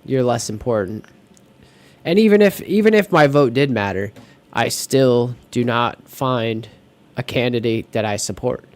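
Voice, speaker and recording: A man's voice: medium pitch, a little slow, darkish tone. A man co-hosting a casual podcast chat, rambling with lots of fillers and restarts. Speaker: podcast co-host.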